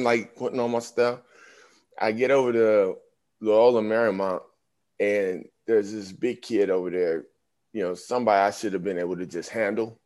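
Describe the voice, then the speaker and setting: A man's voice: fairly low pitch, normal speed. A man in his fifties, a former pro basketball player, telling stories in a casual interview and acting out the voices of people he quotes. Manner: animated storyteller, acts out quoted voices.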